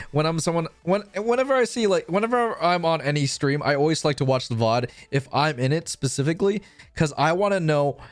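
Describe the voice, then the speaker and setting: A young man streams live in a slightly high voice with no echo, rambling through a profane, self-mocking story and losing his train of thought.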